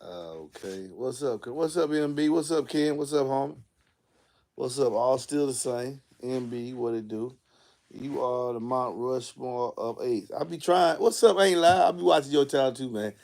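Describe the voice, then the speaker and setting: A man hosting his own live stream, easygoing and chatty as he calls out viewers by name. His voice sits at an ordinary pitch with a gravelly edge. He talks in relaxed slang. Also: normal speed. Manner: greets viewers by name, laid-back slang. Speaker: host of a live car audio Q&A stream. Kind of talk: casual livestream chat.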